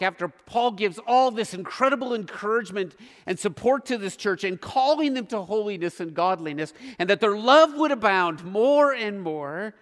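A man preaching a sermon as pastor, earnest, with emphatic pauses. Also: high voice, a bit bright, in a large hall.

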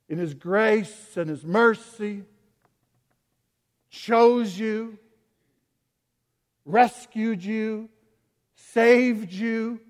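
A man preaching a sermon as pastor, impassioned, swinging from quiet to loud and piling up rhetorical questions. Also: high voice. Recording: long hall reverb.

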